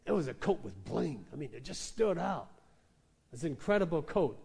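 A man preaching a sermon, telling a story with lively acted-out quotes. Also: fairly high pitch, normal speed, vocal fry, breathy edge. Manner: animated storytelling, acts out quoted voices. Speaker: pastor.

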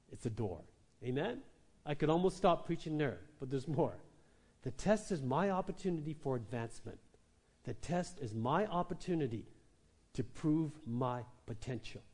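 A man preaching a sermon, telling a story with lively acted-out quotes. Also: mid-range voice. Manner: animated storytelling, acts out quoted voices. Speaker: pastor.

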